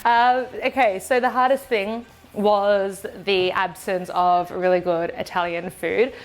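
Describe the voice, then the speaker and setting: A woman's voice: mid-range voice, steady tone, a little slow, soft background music. Woman, home-kitchen cooking vlog co-host, plain explainer with fillers. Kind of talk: casual cooking chat.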